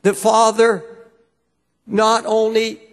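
High-voiced man preaching fervently in reverberant hall. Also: completely flat delivery, slow pace. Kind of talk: sermon.

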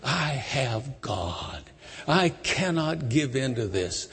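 A man's voice: mid-range voice, big pitch swings, takes it slowly, fairly bright tone, slightly rough, pitched below the performer's own voice, full character voice. A preacher voicing a young enslaved man who firmly refuses, earnest and repeating himself. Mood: resolute. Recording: long hall reverb.

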